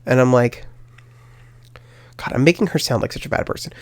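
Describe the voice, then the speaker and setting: A man's voice: medium pitch, brisk. A young man hosting his own podcast, telling a personal story in a rambling, self-deprecating way with lots of fillers. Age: young adult. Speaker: podcast host. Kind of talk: casual storytelling monologue.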